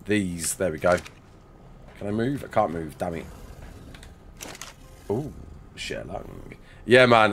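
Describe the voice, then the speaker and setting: A man's voice: on the low side, a little hiss or hum, low-quality recording. A man streaming a survival game live, chatting casually, laughing often and joking with chat as he builds.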